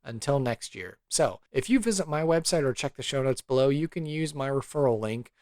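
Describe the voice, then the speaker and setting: A man's voice: medium pitch, animated, fairly quick, a little mellow, no echo. A man hosting a tabletop podcast, asking questions in an easygoing, conversational way. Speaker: podcast host and game master. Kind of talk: casual interview and ad read.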